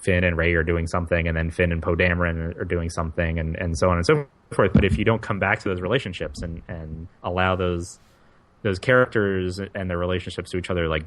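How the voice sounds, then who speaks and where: A man with a very deep voice co-hosts a relaxed podcast conversation. He thinks aloud, circling back and restarting phrases as he builds his point. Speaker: podcast co-host. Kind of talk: casual chat.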